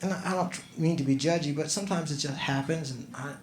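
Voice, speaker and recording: A male stand-up comedian on a comedy club stage, talking conversationally and building to loud exasperated outbursts. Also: on the high side, fast. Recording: echoey club room with noisy ambience. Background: audience laughter.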